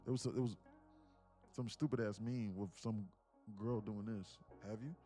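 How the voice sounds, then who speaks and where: A man's voice: on the low side, steady tone, unhurried, warm tone, faint music behind. A man hosting a live day-trading stream, chatting casually and rambling, often repeating words as he talks to his viewers. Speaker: day-trading livestream host.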